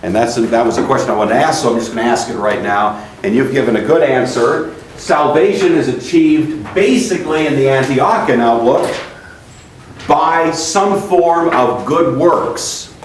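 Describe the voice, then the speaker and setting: A male teacher lectures a class at a steady middle pitch, stopping to quiz students and then explaining in long stretches. The room is echoey and a faint hiss runs underneath. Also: normal speed.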